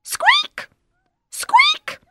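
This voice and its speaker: A woman voicing a small, timid male mouse in a children's story, speaking in a very high squeak. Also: extremely slow, very noisy. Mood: pleading.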